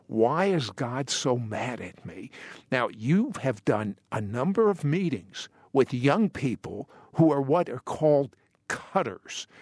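An older man hosts an interview and asks a guest questions. He sounds measured and inquisitive. His voice is close and dry. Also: mid-range voice, no room sound. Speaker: interview host.

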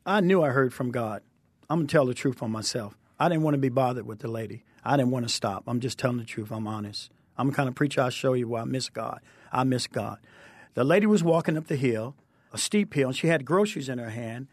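A male preacher giving an impassioned testimony and altar call, swinging between low and high tones. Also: brisk, no echo.

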